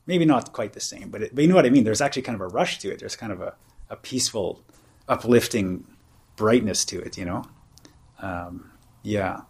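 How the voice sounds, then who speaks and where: A man's voice: on the low side, lively intonation, fairly quick, vocal fry, darkish tone, husky. Man giving a rambling, casual meditation talk. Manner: casual and rambling, full of "you know" and "like" fillers. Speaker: meditation teacher. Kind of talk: informal dharma talk at a retreat.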